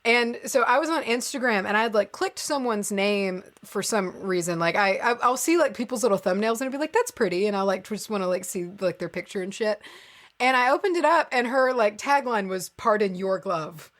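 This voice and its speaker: A woman's voice: mid-range voice, lively intonation, brisk, fairly bright tone. A woman co-hosting a casual podcast, reading a text aloud and breaking in with exasperated, sarcastic asides. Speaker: podcast co-host.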